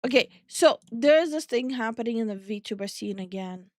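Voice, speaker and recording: A woman from Estonia talks on a live stream in a blunt, opinionated way, swearing freely as she co-hosts. Her voice sits a little high. The sound is dry and close to the mic. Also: expressive, moderate pace, a little mellow, no room sound. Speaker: VTuber streamer and co-host. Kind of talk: casual stream chat.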